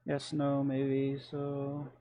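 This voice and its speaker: A man's voice: medium pitch, completely flat delivery, extremely slow, dark tone, dry recording. A man with a Michigan accent, streaming and chatting casually through his gameplay in a rambling, self-deprecating way.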